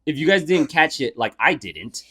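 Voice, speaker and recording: A man's voice: on the high side, normal speed, husky. A young man co-hosting a podcast, casually telling a profane story and acting out the people in it. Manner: animated, profane storyteller who acts out the people in his story. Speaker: podcast co-host.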